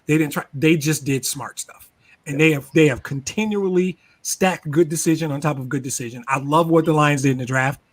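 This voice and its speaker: Animated man talking football. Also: a little high, a little fast. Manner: animated, repeats words, laughs often. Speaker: sports talk show regular. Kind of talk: casual sports podcast chat.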